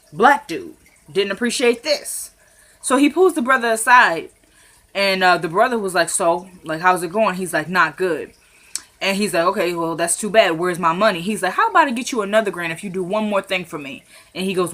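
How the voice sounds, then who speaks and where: A woman casually recapping a TV episode, acting out the characters' lines with quick asides. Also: mid-range voice. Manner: animated, quotes characters, quick asides and laughs.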